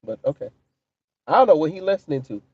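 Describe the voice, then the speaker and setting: A man's voice: a little high, sing-song, quick pace, breathy edge, no room sound, lo-fi sound. A man hosting a casual livestream, talking in a profane, mocking way and answering his chat. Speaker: livestream commentary host.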